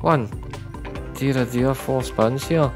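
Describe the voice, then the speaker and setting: A man giving live commentary on slot machine spins, chatty and prone to repeating words, breaking into loud excited bursts. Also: mid-range voice, slow pace, music in the background. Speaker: online slots streamer.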